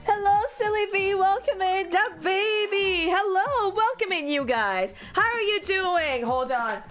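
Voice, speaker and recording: A young French woman with a French accent, chatting casually on a live stream as an artist, animated and freely swearing as she greets her chat by name. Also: very high voice, measured pace, hardly any pauses. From France.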